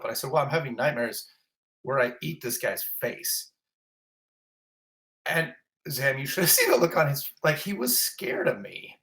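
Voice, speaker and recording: A middle-aged man, a fire captain, telling a story in a casual interview, animated and self-mocking as he acts out what people said. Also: medium pitch, normal speed, long pauses.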